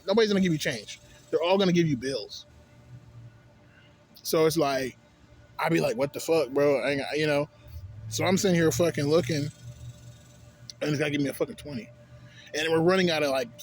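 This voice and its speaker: A young adult man vlogging in a loose, rambling way, swearing constantly and checking in with "you know what I'm saying". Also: mid-range voice. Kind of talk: casual rambling monologue.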